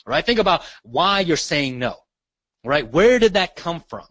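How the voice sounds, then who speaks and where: A man's voice: on the high side, very animated, normal speed, a bit bright, no echo. A man leading a live online sales training, asking the audience questions and checking in often. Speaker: real estate sales trainer.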